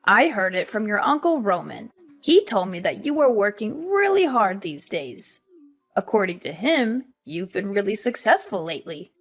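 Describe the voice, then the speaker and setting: A woman's voice: medium pitch, big pitch swings, moderate pace. Woman voicing a cold, scornful mother. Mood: wheedling. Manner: cutting, dismissive. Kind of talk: animated story voice acting.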